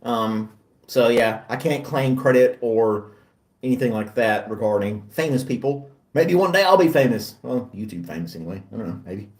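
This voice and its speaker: A middle-aged man hosts a casual chat, chatty and self-deprecating, laughing often. His medium-pitched voice is heard from some distance in a roomy space. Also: animated, normal speed, a little mellow. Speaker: host.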